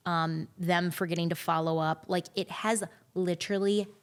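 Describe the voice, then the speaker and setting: A woman's voice: fairly low pitch, steady tone, smooth. A woman guest on a podcast, chatting candidly in a goofy, off-the-cuff way. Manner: goofy, candid, talks in quick bursts. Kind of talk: casual chat.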